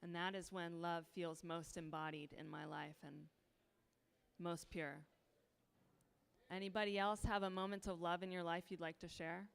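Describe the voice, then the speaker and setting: A woman's voice: on the low side, little pitch movement, moderate pace, gravelly, clear, resonant tone. A woman facilitating a sharing circle, speaking in a heartfelt, rhythmic way and inviting others to speak.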